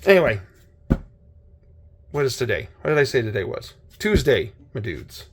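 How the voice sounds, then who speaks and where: A middle-aged man hosting a casual unboxing chat, his voice a little hoarse, talking in a rambling, hesitant way with many restarts. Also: mid-range voice, very animated, normal speed. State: slightly hoarse. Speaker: channel host.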